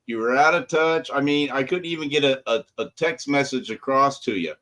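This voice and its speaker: A man's voice: medium pitch, normal speed, a bit bright. A man co-hosting a podcast, joking around and laughing often in casual chat. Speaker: podcast co-host.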